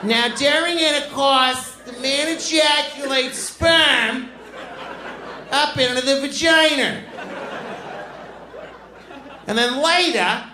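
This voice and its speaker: A man voicing a blunt, crude middle-aged schoolteacher woman, in a shrill, shouting voice. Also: slow, long pauses, background noise. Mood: blunt lecturing. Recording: roomy club with audience laughter.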